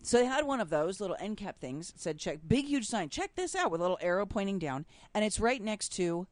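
A woman's voice: medium pitch, lively intonation, fairly quick, no room sound. A woman co-hosting a casual talk show, telling odd news stories with a laugh and stressed punchlines. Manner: chatty storyteller, laughs often, stresses punchlines. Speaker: podcast co-host reading news stories. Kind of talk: casual chat.

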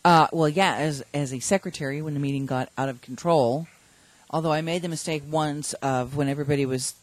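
Lady co-host chatting, animated storyteller, dry close mic. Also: low voice, quick pace, no room sound, low-quality recording. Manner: lively storyteller, animated exclamations. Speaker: podcast co-host. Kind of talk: casual chat.

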